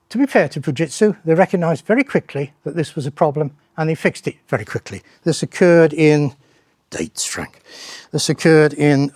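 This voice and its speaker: A man's voice: fairly high pitch, darkish tone, no echo. An older man, a former lecturer, giving a conference talk with wry, dry humour, rhetorical questions and frequent restarts of his phrases. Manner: stop-start, restarts phrases often. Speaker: speaker at a tech meetup, former lecturer.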